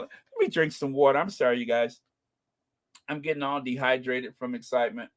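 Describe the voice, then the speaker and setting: A man hosting a casual live stream, gushing and excitable as he talks to viewers and reads their comments, with a runny nose and frequent throat-clearing. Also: medium pitch, normal speed. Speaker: channel host.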